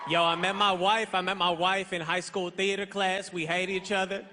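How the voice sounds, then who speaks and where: On a large theater stage before a live audience, a young man with a high, flat, sharp-toned voice performs stand-up at a moderate pace. His set is casual and punchy with slangy asides, recorded in a live hall where crowd noise, laughter and applause fill the background.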